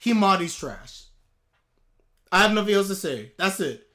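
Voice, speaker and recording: A man's voice: high voice, big pitch swings, unhurried. Ranting man reacting to an anime. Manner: heated, exasperated ranting with sudden loud outbursts. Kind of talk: live reaction rant.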